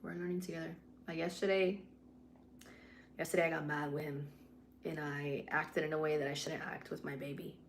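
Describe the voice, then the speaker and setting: Lowish-voiced woman chatting on a livestream. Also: flat delivery, moderate pace, pauses often, slight background noise. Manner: mixes english and spanish, swears freely, candid. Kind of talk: casual livestream chat. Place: home at night.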